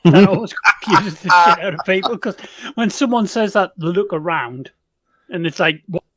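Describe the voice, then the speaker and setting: A man's voice: high-pitched, normal speed, fairly bright tone, no echo. An older man in casual, jokey chat as a player in a tabletop game. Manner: jokey, playful.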